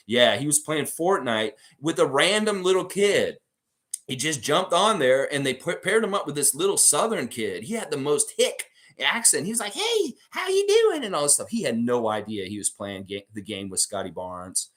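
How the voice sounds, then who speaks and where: A man hosting a casual sports fan show, telling stories in an excitable, rambling way. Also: mid-range voice, moderate pace. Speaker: sports podcast host.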